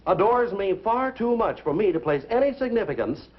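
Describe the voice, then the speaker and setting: A man's voice: high voice, sing-song, brisk. An actor in a 1950s sitcom playing a man who poses as a formal, pompous judge. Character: husband's friend posing as a pompous judge. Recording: dull old TV soundtrack, loud audience laughter and noise.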